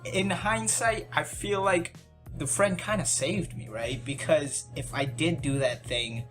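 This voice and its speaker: With a music bed playing under him, a young YouTube host narrates a story in a slightly high, fairly bright voice at a measured pace. The vlog is casual and self-deprecating, full of rambling, restarts and side comments.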